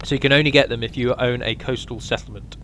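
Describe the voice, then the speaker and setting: Man, game mod presenter, casual walkthrough commentary, rambling with ums, bright tone. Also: medium pitch, steady tone, quick pace, a little hiss or hum. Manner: rambling, with frequent ums and restarts.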